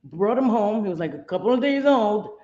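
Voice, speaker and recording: A middle-aged woman chats on her live stream, greeting viewers by name and getting fired up along the way. Her voice sits in a middle pitch for a woman. The sound is roomy and a little dull. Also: a little fast. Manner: chatty and expressive, greets viewers by name, swings from sweet to fired up. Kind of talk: casual live chat reading viewer comments.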